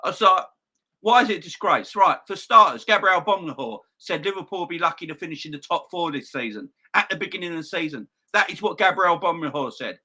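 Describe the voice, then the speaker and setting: A young man hosting a football fan channel, ranting loudly and excitably with plenty of swearing. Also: a little high, quick pace.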